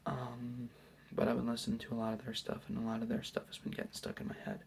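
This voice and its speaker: A young man giving a soft, hesitant, whispered ASMR Q&A at home late at night, rambling with lots of fillers. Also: mid-range voice, monotone, quick pace, vocal fry, slight background noise. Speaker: YouTuber answering questions.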